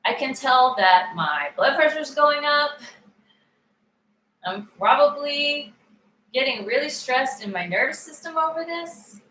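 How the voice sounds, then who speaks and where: Slow, bright-voiced woman leading a tapping session. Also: high voice, reverberant, slight background noise, poor audio. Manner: calm, guiding, speaks feelings aloud for listeners to repeat. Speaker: EFT tapping coach.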